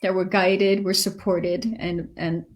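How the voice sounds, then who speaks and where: Lowish-voiced woman telling a story. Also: slow pace. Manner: animated, acts out the voices in her story. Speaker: guest. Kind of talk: storytelling in a live interview.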